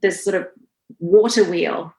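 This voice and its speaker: In a roomy, echoing recording, a woman in her forties appears as a podcast guest, telling stories in an animated, earnest, emotional way during a casual conversation. Her pitch is fairly low and her pace a little slow.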